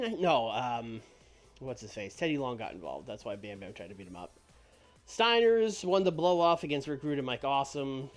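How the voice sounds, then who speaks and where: A male streamer giving rambling casual commentary while playing a management game, with many fillers. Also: mid-range voice. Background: music.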